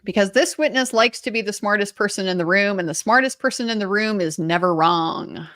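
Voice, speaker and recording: A middle-aged woman gives live legal commentary with a sardonic, pointed edge. Her pitch sits in a middle range, and the recording is close and dry, with no room sound. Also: brisk, fairly bright tone, no echo. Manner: sardonic, pointed, mimics witnesses. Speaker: attorney commentator.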